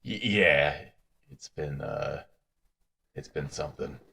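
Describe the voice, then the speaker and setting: A man's voice: a bass voice, slow, creaky, pushed and bright. A man playing at a tabletop game, talking casually and a bit hesitantly. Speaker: player.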